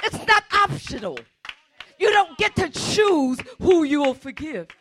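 Woman, pastor, church sermon, high voice, bright ringing tone, shouts her points. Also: expressive, measured pace, slight background noise. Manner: impassioned, repetitive preaching, often shouting.

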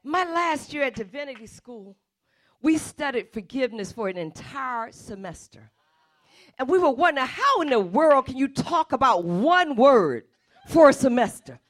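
A woman's voice: high-pitched, very animated, normal speed. A woman pastor preaching an impassioned sermon in church, repeating her point with force. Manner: impassioned, repetitive preaching, often shouting.

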